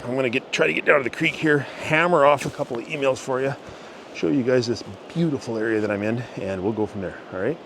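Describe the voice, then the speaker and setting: A middle-aged man talking casually to the camera while walking through a forest, easygoing and halting with many restarts. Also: mid-range voice, vocal fry. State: out of breath. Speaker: channel host. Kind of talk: casual rambling talk to camera. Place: outdoors in a forest by a river, walking uphill. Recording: outdoor recording with steady background noise.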